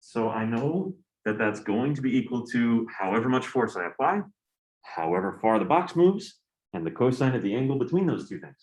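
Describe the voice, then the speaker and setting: A man's voice: mid-range voice, animated, moderate pace, a little mellow. Man, physics professor, classroom lecture, candid, joking, roomy echo. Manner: candid, exasperated asides, joking.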